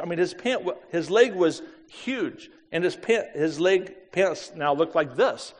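A man with a fairly high voice tells a story to a crowd, casual and self-deprecating, and he slips into the voices of the people he quotes. He speaks as an evangelist recounting what happened to him. His voice rings with the long reverb of a large hall. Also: expressive, a little fast, few pauses. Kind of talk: storytelling to an audience.

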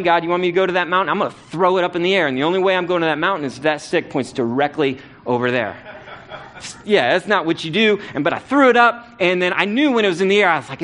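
A man's voice: a little high, a bit bright. A middle-aged man preaching a sermon, telling a personal story earnestly and building to emphatic repeated calls to action. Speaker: pastor.

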